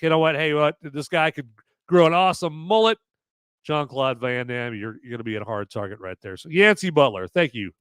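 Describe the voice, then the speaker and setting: A man's voice: mid-range voice, fairly bright tone, smooth, no echo. A man hosting a live movie review podcast, rambling casually with many fillers and swearing. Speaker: podcast host.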